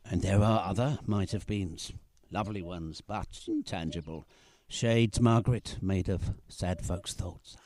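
A man playing a gentle, fond artist father in an amateur radio play, musing in a whimsical, reflective way. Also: sits low, a little slow.

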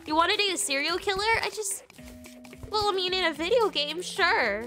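A woman streaming a video game, chatting casually, excitable and giggly with rambling fillers. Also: very high voice, moderate pace, slight background noise. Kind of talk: casual gaming livestream chat.

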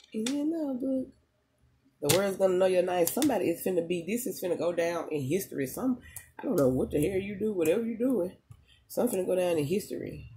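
A spiritual reader giving a casual channeled reading straight to viewers, slangy and chatty, pausing often to tune in. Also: medium pitch, warm tone, slight background noise. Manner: emotional at moments, talks straight to the audience.

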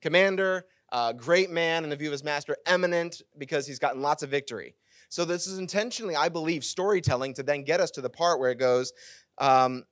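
A male pastor preaching a sermon, retelling a scripture story with animated, casual asides. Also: on the high side, brisk, no echo, studio quality.

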